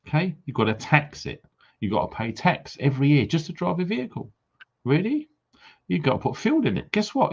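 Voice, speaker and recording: Man, livestream rant, sarcastic, rhetorical questions, very lively pitch, dull lo-fi sound. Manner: indignant, swings high for emphasis. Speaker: livestream host. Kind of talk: ranting livestream chat. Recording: dull lo-fi stream audio.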